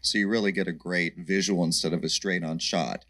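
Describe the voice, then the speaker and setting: A man moderating a live panel discussion, relaxed and conversational with joking asides. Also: low-pitched, brisk. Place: conference panel room.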